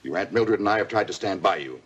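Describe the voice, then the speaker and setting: A man's voice: sits low, lively intonation, fast, husky, lo-fi sound. An actor playing a stern working father who scolds his daughter, in 1950s TV drama style. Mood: angry. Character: stern hardworking father, fed up.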